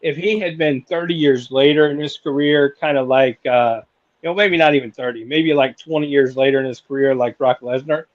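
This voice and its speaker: A man's voice: mid-range voice, fairly quick, muffled recording. A man in his forties co-hosting a casual wrestling talk show, rambling with lots of fillers. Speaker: podcast co-host.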